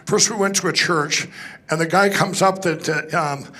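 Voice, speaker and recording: A man giving a personal testimony at a conference, telling his story in an excitable, rambling way with many restarts and laughs. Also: on the high side, moderate pace. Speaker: conference speaker. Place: conference hall stage.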